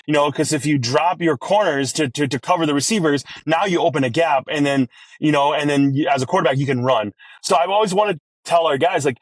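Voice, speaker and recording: Energetic chef talking in a dry room. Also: male voice, a little high, dry recording. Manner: energetic and rambling, acts out his own quoted talk. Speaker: chef and restaurant owner, podcast guest. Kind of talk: casual podcast interview.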